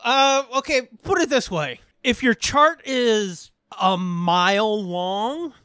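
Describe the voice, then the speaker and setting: Male podcast co-host, casual chat, lively pitch, swears a lot, dry close sound. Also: slow pace, clear, resonant tone, no echo. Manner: profane, rambling, laughs a lot.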